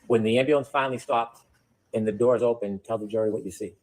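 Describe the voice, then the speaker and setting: A man's voice: fairly low pitch, steady tone, fast talker, a little mellow, low-quality recording. A man questioning a witness in court as an attorney, with direct, prompting questions. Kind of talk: courtroom examination.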